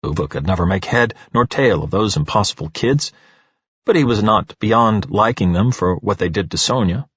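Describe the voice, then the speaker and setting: A man narrating an audiobook in an expressive, animated storytelling manner. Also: fairly low pitch, moderate pace, slightly rough, no echo, highs cut off.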